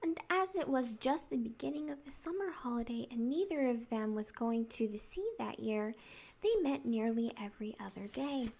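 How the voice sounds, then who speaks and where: Woman narrator for a soft, half-whispered storybook read, husky tone. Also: on the high side, normal speed.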